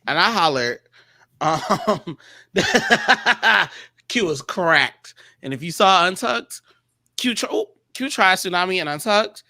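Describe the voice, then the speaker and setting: Host role: man, excitable panel chatter, high and bright. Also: slow, no echo. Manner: animated, quotes people in exaggerated voices. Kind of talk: casual panel chat.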